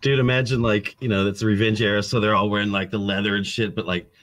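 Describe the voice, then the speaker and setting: A man with a lowish voice co-hosts a podcast in a laid-back way, leaning on filler words. The sound is dry. It is casual podcast chat. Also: fairly even intonation, quick pace, a bit bright, no room sound. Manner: laid-back, says "like" often. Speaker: podcast co-host.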